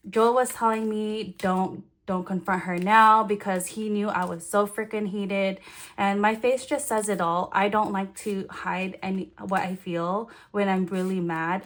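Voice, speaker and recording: A young adult woman from the Philippines, a vlogger telling a personal story in a casual, animated way full of fillers and quoted lines. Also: mid-range voice. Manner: animated, filler-heavy retelling with quoted dialogue.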